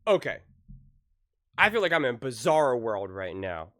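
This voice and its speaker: A man's voice: medium pitch, very animated, moderate pace, a bit bright. A man doing a reaction commentary on football news, emphatic and exasperated, ranting with frequent restarts. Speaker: sports commentary youtuber.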